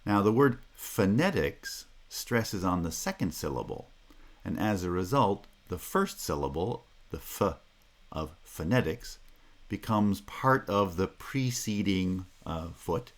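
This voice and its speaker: A middle-aged man lectures in a deep, low register, taking his time over each point. He speaks at an unhurried pace and sounds out example phrases with deliberate, exaggerated rhythm. It has the careful, explanatory feel of a recorded university class. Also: expressive.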